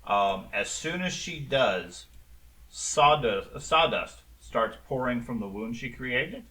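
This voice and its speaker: Bright-voiced man narrating as game master. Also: medium pitch, slow pace, far from the mic. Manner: relaxed storytelling with frequent ums.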